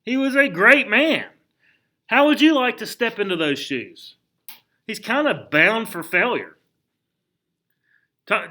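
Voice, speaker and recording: A man teaching a history class in a lively, conversational lecture, often putting rhetorical questions to the students. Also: high voice. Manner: conversational, frequent restarts.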